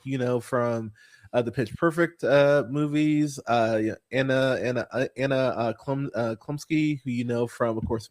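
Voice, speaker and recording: A young man hosting a podcast, chatting casually and profanely about bad movies, rambling with many fillers and laughing as he goes. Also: medium pitch. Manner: rambling, profane, laughing often, swooping into mocking voices. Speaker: podcast host. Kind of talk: casual movie review chat.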